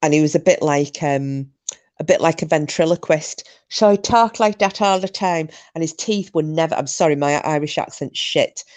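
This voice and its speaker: A woman's voice: sits low, normal speed, a little mellow. Chatty woman hosting a live stream. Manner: chatty, rambling, frequent restarts and fillers. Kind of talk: casual chat.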